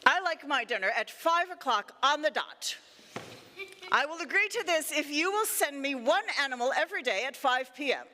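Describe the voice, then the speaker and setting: Lady doing a demanding hungry lion in a kids story, bouncy high voice, echoey church. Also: expressive, normal speed, sharp tone. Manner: indignant, punctual, commanding. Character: proud hungry male lion, impatient and demanding.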